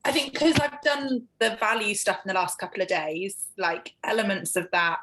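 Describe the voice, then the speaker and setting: A woman's voice: medium pitch, moderate pace, background noise. A woman in a wellbeing group, rambling and self-deprecating, with many fillers. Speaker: group member. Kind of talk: sharing in a group session.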